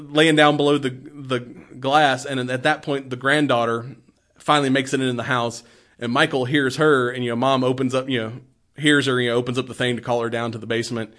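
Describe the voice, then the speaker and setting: A man talks through a film scene by scene in loose, rambling chat at an ordinary middle pitch. He swears freely and laughs often as he goes. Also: a bit bright. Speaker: podcast co-host. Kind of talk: casual chat.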